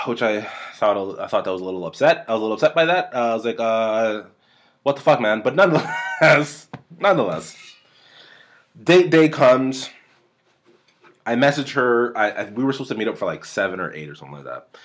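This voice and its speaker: A man, casually telling a rambling, profane story on his podcast at a home desk mic. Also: on the low side. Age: 30s. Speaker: podcast host. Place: home room. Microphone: desk mic at close range.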